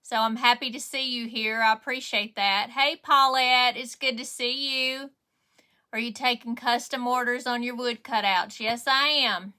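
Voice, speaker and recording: A middle-aged woman with a Southern drawl hosts a crafting livestream, chatting easily and greeting viewers one by one. Her voice sits a little high and rings bright and clear. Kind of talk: casual livestream chat to viewers.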